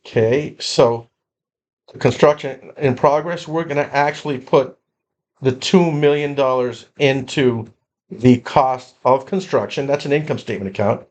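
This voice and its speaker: In this screen-recorded walkthrough, an accounting instructor speaks at a measured pace with medium pitch. His explanation of spreadsheet entries is conversational, marked by frequent repeats and restarts.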